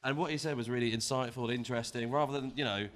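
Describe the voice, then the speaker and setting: A man with a mid-range voice tells stories quickly and with animation. He is a panelist on a football fan podcast. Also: medium pitch, slight background noise. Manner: animated, storytelling. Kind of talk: casual chat.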